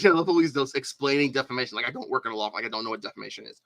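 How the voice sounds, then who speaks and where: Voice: mid-range voice, rapid-fire, vocal fry, hardly any pauses, bright, forceful tone, dry recording, rough recording. A livestreamer giving reaction commentary, incredulous and often laughing as they talk to their viewers.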